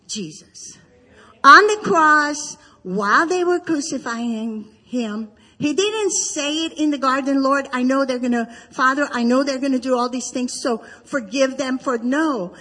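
A woman's voice: high voice, unhurried, sharp tone, long reverb tail. A middle-aged woman giving a Christian testimony talk to mothers, an earnest storyteller who acts out remembered dialogue and urges her listeners on. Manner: earnest, exhorting. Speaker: speaker sharing a faith testimony.

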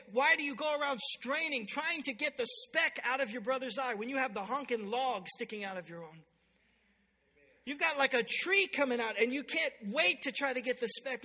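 A man preaching a sermon, telling a scripture story and building to loud, emphatic peaks. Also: extremely high pitch. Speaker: pastor. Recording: long hall reverb.

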